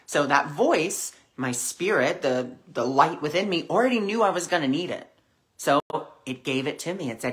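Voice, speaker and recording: A woman's voice: sits low, animated, normal speed. A woman hosting a weekly spiritual discussion, talking conversationally and acting out voices in her stories. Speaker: spiritual teacher.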